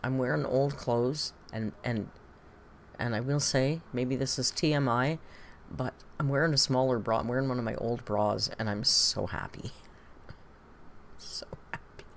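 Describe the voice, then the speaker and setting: Here the streamer's voice is very deep and unhurried, with slight background noise. She's a British woman reacting to clips and reading viewer comments in a gossipy, casual way, laughing a lot and thinking out loud.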